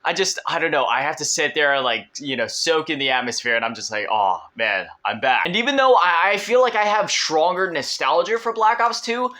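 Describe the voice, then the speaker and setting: A man's voice: a little high, expressive, fairly quick, hardly any pauses, bright, forceful tone. A young man giving casual, emotional commentary over gameplay of an old shooter, rambling and often restarting his sentences. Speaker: gaming YouTuber.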